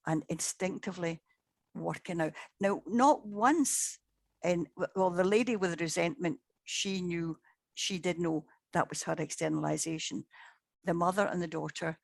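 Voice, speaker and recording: Low-voiced woman telling a story. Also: vocal fry, no room sound. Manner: chatty, repeats words, quotes people in dialogue. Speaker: paranormal investigator, guest. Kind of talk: anecdotal storytelling in conversation.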